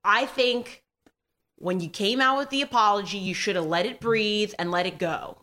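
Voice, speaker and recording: A woman's voice: mid-range voice, moderate pace, bright, forceful tone. A woman co-hosting a radio show, firm and pointed as she lectures a colleague. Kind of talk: heated on-air argument.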